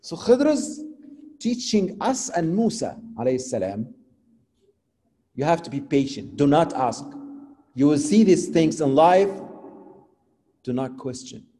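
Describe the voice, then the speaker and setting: Male preacher, slightly high voice, animated storytelling, long hall reverb. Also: a little slow, pauses often. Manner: animated, swings from loud to soft, non-native phrasing. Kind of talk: sermon storytelling.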